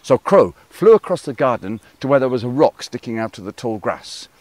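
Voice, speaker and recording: A man telling a folk tale to a live audience in a playful, expressive way, chatting with his listeners as he goes. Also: medium pitch, brisk, dry recording. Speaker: storyteller.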